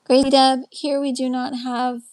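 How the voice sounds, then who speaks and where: A Texan woman's high, darkish voice holds a level tone at a moderate pace. She's a life coach hosting a relaxed live stream by webcam, chatting with viewers and taking their comments one at a time as she winds down, somewhat tired.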